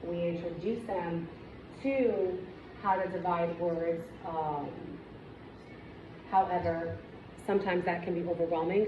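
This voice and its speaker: A woman reading teacher with a lowish voice leads a demonstration lesson, giving clear, encouraging instructions step by step and making asides to other teachers. The room is echoey, and the sound is dull and noisy.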